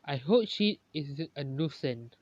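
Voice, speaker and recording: Overworked, stubborn teen heroine, read plainly by the narrator, slow and dull-sounding. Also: medium pitch, animated, darkish tone, no echo, voice pushed down. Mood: defensive. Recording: dull, dry lo-fi recording.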